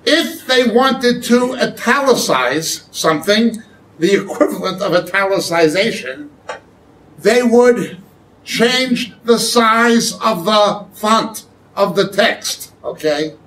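A man giving sermon-style Bible teaching, explaining slowly and often checking with "okay?". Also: high voice, expressive, a bit bright, far from the mic, rough recording. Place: church hall.

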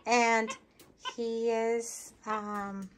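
A woman's voice: fairly high pitch, flat delivery, extremely slow, a little hiss or hum. A woman vlogging at home, chatting casually and cooing in baby talk to her pet monkeys. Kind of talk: casual vlog chat.

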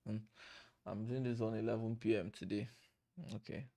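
A man's voice: on the low side, fairly even intonation, normal speed, gravelly, mellow. A man chatting casually to camera from home at night, rambling and breaking off to laugh at himself. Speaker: vlogger. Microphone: desk microphone.

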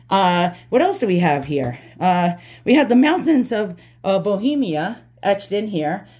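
A woman's voice: medium pitch, darkish tone. A middle-aged woman with a New York accent, chatting casually and giggling as she shows her glass collection. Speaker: antique collector vlogger. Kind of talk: casual show-and-tell.

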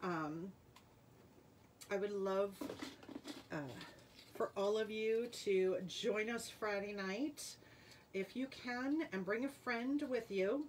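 A woman's voice: mid-range voice, takes it slowly, long pauses, slight background noise. A woman with a Rhode Island accent hosting a live jewelry sale, chatting casually and reading out viewer names and playing cards. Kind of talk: live-stream sales chat.

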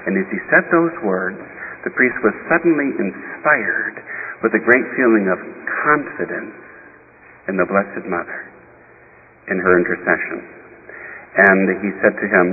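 Deep-voiced bishop preaching, tinny echo. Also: male voice. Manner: unhurried, with pauses and small restarts. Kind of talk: sermon storytelling. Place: church. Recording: reverberant church heard over a tinny, lo-fi line with faint hiss.

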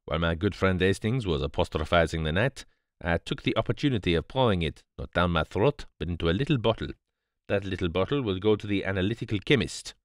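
A man voicing a calm, precise male detective who explains in a placid, grave, measured way. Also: sits low, no room sound, clean studio sound.

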